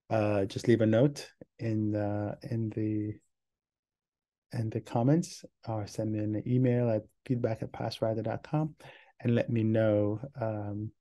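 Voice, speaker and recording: A man hosting a podcast, telling a story in a relaxed, rambling way. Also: on the low side, vocal fry. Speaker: podcast host. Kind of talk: casual podcast monologue.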